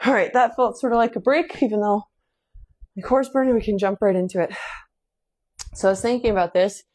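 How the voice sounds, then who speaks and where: Brisk and darkish, a woman's mid-range voice guides a casual home workout. She counts reps out loud, sighs while slightly out of breath, and reflects on faith between sets.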